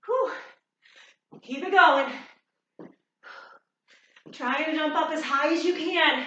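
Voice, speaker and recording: A woman's voice: high-pitched, extremely slow, pauses often, pushed and bright, very echoey, distant mic, muffled recording. A woman fitness instructor leading a workout, cueing moves while exercising and getting out of breath.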